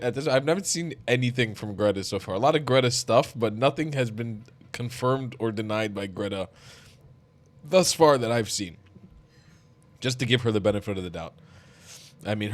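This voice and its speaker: A young man commenting on clips as a reaction host. His voice sits at an ordinary middle pitch. He talks bluntly and mockingly and swears freely. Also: brisk.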